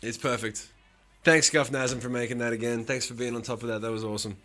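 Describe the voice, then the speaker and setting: A man's voice: mid-range voice, fairly even intonation, quick pace, sharp tone. A man hosting a live stream, chatting casually with his viewers, swearing often and teasing them with bursts of laughter.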